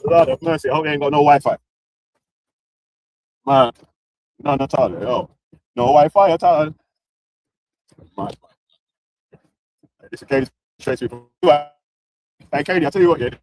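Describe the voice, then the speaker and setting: A man's voice: on the high side, expressive, moderate pace, long pauses, darkish tone, a little hiss or hum, poor audio. A man hosting a casual talk stream, mocking and swearing, often laughing. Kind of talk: heated casual commentary.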